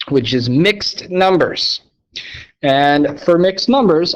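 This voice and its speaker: A man teaching a recorded math lesson, upbeat and playfully sarcastic, often checking in with "okay?". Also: a little high. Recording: dull lo-fi sound.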